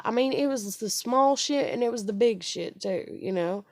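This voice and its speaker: A woman's voice: on the high side, expressive, normal speed, hardly any pauses, dry recording. Woman in her thirties ranting, dry close sound, profane and exasperated. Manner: swearing, repetitive, exasperated. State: upset and stressed. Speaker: single parent venting. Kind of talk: angry personal rant to camera.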